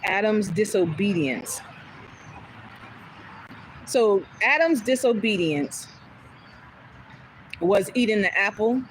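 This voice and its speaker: A woman's voice: mid-range voice, expressive, slow, pauses often, slight background noise, low-quality recording. A woman hosting a casual livestream, talking bluntly and candidly, with occasional swearing and laughter. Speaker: livestream host.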